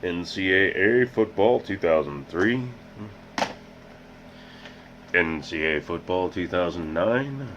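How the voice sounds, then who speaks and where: A man's voice: low-pitched, animated, unhurried. A man hosting a casual game collection vlog, rambling and making joking asides about himself. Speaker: host. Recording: muffled with loud background hiss.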